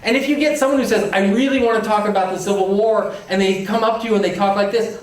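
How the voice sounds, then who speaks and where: A man giving an animated, emphatic conference talk to a room of librarians, acting out quoted voices with playful energy. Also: high voice, fast. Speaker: conference keynote speaker. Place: large conference hall. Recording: echoey hall, distant mic.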